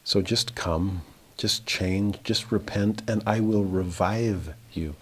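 A man with a fairly low voice teaches through scripture verse by verse. He reads each passage slowly and deliberately, then explains it in plain words, building emphasis as he paraphrases. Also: breathy edge.

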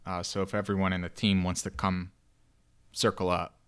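A man's voice: low voice, level tone, moderate pace, fairly bright tone, smooth. A man improvising a teenage boy mathlete who hesitantly announces he is leaving the team. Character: teen boy mathlete who got hot. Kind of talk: improv scene.

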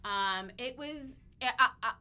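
A woman in her thirties co-hosting a podcast, chatty and rambling as she tells a story. Her voice is bright and forward, and she keeps restarting her sentences. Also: on the high side, a little slow, clean tone. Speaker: podcast co-host. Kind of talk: casual chat.

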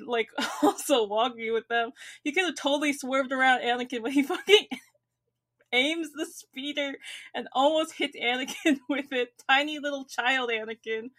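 A woman's voice: a little high, a bit bright. A woman co-hosting a podcast in casual chat, rambling loosely, swearing and laughing as she talks. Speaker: podcast co-host.

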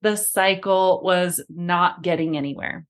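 A woman's voice: on the low side, fairly even intonation, unhurried. A woman hosting a parenting podcast who speaks directly to her listener and calls them friend. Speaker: podcast host and parenting coach. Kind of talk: scripted podcast talk.

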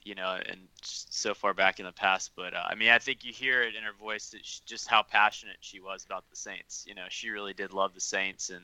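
A man co-hosting a podcast, heartfelt and halting with many fillers. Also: lowish voice, steady tone, sharp tone, no echo, rough recording. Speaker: podcast co-host. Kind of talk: casual podcast chat.

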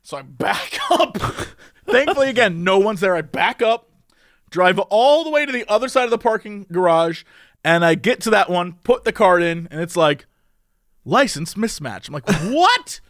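Animated and quick to laugh, a man spins a lengthy tale in relaxed chat, acting out each character along the way. His voice sits high at a normal pace, recorded at studio quality with no echo.

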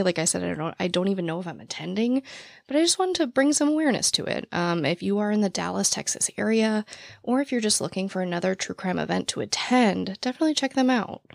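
A woman hosting a podcast after-show in casual chat, with a naturally raspy voice, talking very fast and out of breath. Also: medium pitch, dry recording, clean studio sound. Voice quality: naturally raspy voice with vocal fry. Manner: talks very fast, excited and rambling. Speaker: podcast host. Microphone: studio microphone, standing.

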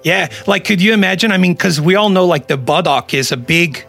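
Guy hosting a comedy podcast, joky storyteller, slightly high voice, faint music behind. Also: lively intonation, gravelly, fairly bright tone, husky. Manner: joking storyteller, quick asides. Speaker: podcast host. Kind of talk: casual comedic chat.

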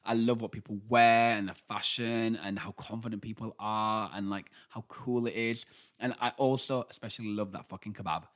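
A man's voice: on the low side, steady tone, normal speed. A man in his twenties with a Yorkshire accent, co-hosting a casual podcast chat in a camp, sassy way with plenty of swearing. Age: 20s. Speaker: podcast co-host.

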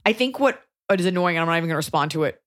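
A woman's voice: on the low side, animated, racing, fairly bright tone. A woman hosting a podcast in casual chat, blunt and profane when she rants. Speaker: podcast host.

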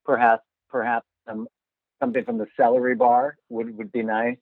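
Gravelly deadpan man on a tinny line. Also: mid-range voice, normal speed, no echo. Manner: deadpan, wry asides. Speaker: podcast co-host. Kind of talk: casual live podcast chat. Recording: tinny phone-like sound.

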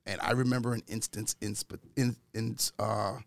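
Earnest man with a gravelly voice. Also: level tone, moderate pace, no echo. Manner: earnest, speaks from personal experience; grows louder and higher when retelling arguments. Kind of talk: casual discussion.

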